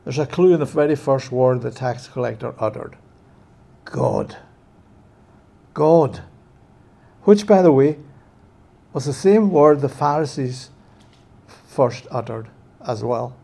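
A man preaching a sermon with emphasis, often checking in with his listeners with a quick "yeah?". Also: mid-range voice, expressive, vocal fry, warm tone.

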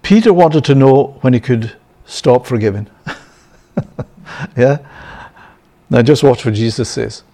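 Brief: male Bible teacher, mid-pitched, conversational sermon with "yeah?" asides. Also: expressive, measured pace, long pauses, warm tone. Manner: checks in with frequent "yeah?" and "right?", chuckling.

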